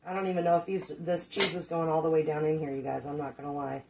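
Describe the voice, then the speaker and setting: Chatty lady cooking and talking to her viewers, lowish voice, swears and laughs a lot. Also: little pitch movement, fast, vocal fry, noisy background. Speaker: cooking show host. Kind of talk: casual cooking livestream chat.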